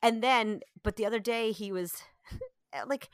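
A woman's voice: on the high side, measured pace, clean tone, no echo, clean studio sound. A woman in her thirties in casual chat, animatedly telling family stories and acting out voices. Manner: animated storyteller, acts out voices, laughs often.

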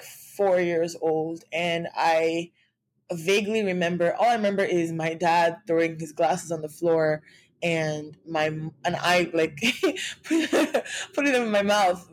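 A young woman from Nigeria speaks candidly to her camera in a personal vlog. Her voice sits on the low side, and her talk is loose and conversational, full of fillers and restarts. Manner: occasional laughs while speaking. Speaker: vlogger.

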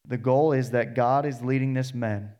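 A man's voice: mid-range voice, fairly even intonation, normal speed, warm tone. Male pastor, mid-range voice, preaching a casual storytelling sermon and voicing the characters' lines. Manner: storytelling, acting out the characters in plain voice. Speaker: associate pastor.

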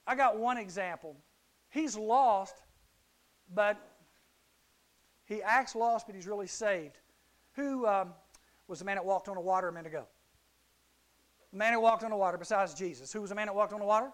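High-voiced man preaching a lively sermon. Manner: animated storytelling, acting out characters, shouting at peaks. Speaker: youth preacher.

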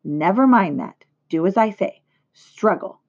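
A woman reading aloud, voicing a wise, calm female spider who speaks firmly. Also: medium pitch, measured pace, breathy edge, dull audio. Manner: firm and instructive.

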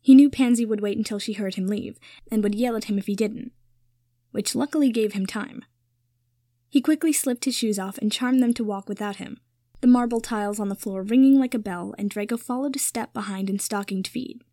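A woman narrating a story in a measured, even reading style. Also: mid-range voice, no room sound, clean studio sound.

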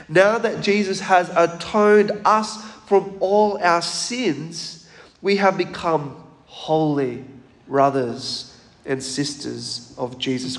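A man preaching a sermon in a church, measured and emphatic, asking the congregation questions. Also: high-pitched, big-room sound.

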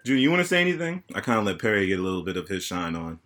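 Bright-voiced man hosting a podcast in his thirties. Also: on the low side, big pitch swings, racing. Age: 30s. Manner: rambling, easygoing, laughs often. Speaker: podcast host and bartender. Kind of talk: casual birthday podcast chat.

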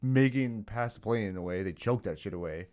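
A man co-hosting a sports podcast, blunt and low-key, swearing as he talks. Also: moderate pace, darkish tone. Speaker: podcast co-host. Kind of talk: casual sports chat.

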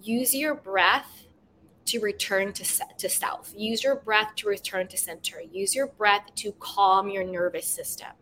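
A woman's voice: mid-range voice, fairly even intonation, measured pace, slight background noise. Woman hosting a self-help podcast. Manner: gentle, repetitive affirmations with many "you know" fillers. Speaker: podcast host.

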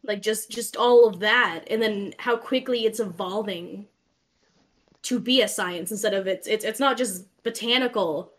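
A woman's voice: mid-range voice, unhurried. A young woman co-hosting a podcast, rambling in casual stoned chat and swearing freely. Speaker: podcast co-host.

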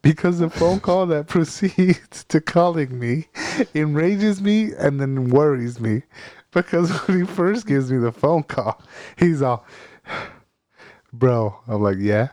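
A man in casual chat, excitable, laughing as he retells a phone call and mimicking the voices in it. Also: a little high, slow, dry recording, studio quality. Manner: excitable, laughs while telling, mimics others. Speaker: older brother of the storyteller.

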